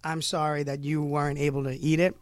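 A man hosting a casual talk show from a studio mic, joking and quick to laugh. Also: fairly high pitch, flat delivery, clean tone, dry recording. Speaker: radio show host.

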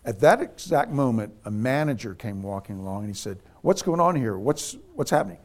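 Middle aged guy, pastor telling a story casually, does little voices for the people in it, normal pitch. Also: brisk. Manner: animated anecdote teller, voices quoted people.

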